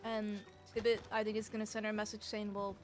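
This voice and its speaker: A woman's voice: medium pitch, monotone, quick pace, music in the background. A woman streamer chatting casually with her viewers about her role-play character, swearing freely. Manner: chatty, swears, talks to chat.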